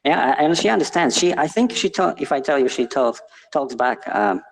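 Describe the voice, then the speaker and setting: A man in casual conversation who speaks haltingly, with many hesitant "uh" pauses and restarts. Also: medium pitch, animated, creaky. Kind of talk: casual chat.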